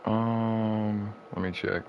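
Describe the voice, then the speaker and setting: A man's voice: fairly low pitch, flat delivery, extremely slow, gravelly, muffled recording, background noise. A man streaming a football video game, chatting casually with viewers and his opponent, full of fillers and loose asides. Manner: rambling, filler-heavy, friendly asides to viewers. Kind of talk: casual gaming stream chat. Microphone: desk mic in a home streaming room.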